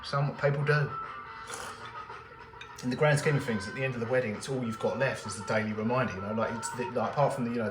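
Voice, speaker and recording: Chatty jeweller guy rambling while he works, roomy workshop sound with music going behind. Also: medium pitch. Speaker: jeweller and live stream host. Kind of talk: casual chat while working.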